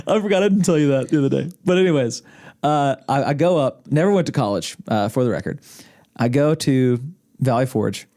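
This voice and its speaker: A man's voice: mid-range voice, fairly quick, warm tone. A man, a podcast guest telling rambling stories in casual conversation, often chuckling and restarting his sentences. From Arkansas, USA. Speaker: podcast guest, husband of host. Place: indoors, podcast studio room.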